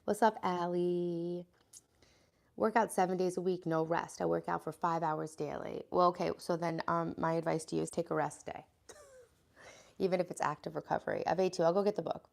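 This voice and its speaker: Congested American woman with vocal fry. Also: lowish voice, steady tone, moderate pace, a little mellow. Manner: chatty, rambling, greets viewers by name. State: congested, sniffling. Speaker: livestreamer greeting her chat. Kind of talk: casual live-stream chat.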